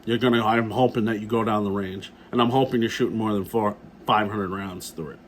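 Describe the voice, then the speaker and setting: Blunt middle-aged male vlogger, low voice, profane and repetitive, faint background hiss. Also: a little fast. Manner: blunt, profane, repeats himself. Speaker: gun vlogger. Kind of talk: casual ranting vlog.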